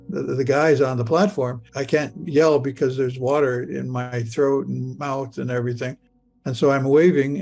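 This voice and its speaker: An older man from Michigan telling a personal story of nearly drowning, in a halting way that stumbles and repeats words as he relives it in the present tense. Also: mid-range voice, darkish tone, breathy edge. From Michigan, USA. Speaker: interviewee recounting a near-death experience.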